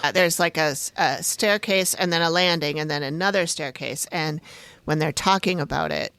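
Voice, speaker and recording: Lowish-voiced woman podcast co-host. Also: moderate pace, creaky, fairly bright tone, smooth, dry recording. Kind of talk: casual chat recapping a TV episode.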